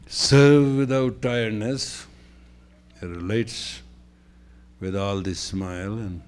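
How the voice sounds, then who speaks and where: Gravelly low-voiced male spiritual teacher. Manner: slow, halting phrasing with long pauses; swings between hushed asides and loud bursts. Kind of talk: lecture with told stories.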